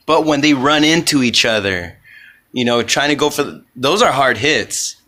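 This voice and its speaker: A man's voice: medium pitch, lively intonation, moderate pace, pushed and bright. A man hosting a solo comedy podcast, rambling in an offhand way and swearing often.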